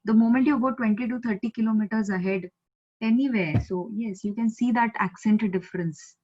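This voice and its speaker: A woman from India with an Indian English accent, teaching a Japanese lesson over a video call, patiently repeating words slowly for learners. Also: a little high, darkish tone. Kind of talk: online language lesson. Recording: slightly muffled video call audio.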